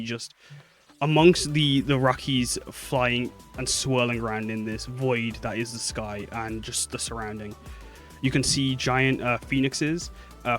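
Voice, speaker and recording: A man's voice: mid-range voice, a bit bright. A man narrating a tabletop game as game master, rambling and correcting himself as he goes.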